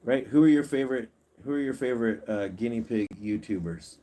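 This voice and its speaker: A man's voice: medium pitch, fairly quick, mellow. A man hosting a casual livestream, coaxing his pets and chatting with viewers. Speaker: pet channel host.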